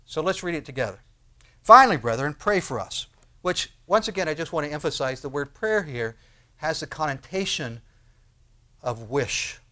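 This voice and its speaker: Animated man preaching a sermon. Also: on the high side, moderate pace. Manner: animated, conversational preaching with acted-out prayers and rhetorical questions. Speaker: pastor.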